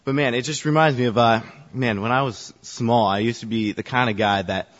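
Speaking briskly at medium pitch with fairly even intonation, this youth ministry staffer shares a story poking fun at himself with the congregation. His delivery is chatty and filler-heavy, recorded with dull sound in an echoey hall.

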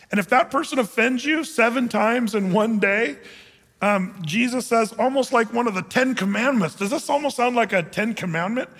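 A male pastor preaching a sermon, animated and emphatic, acting out little scenes, with many fillers and restarts. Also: high-pitched, slightly rough, long reverb tail.

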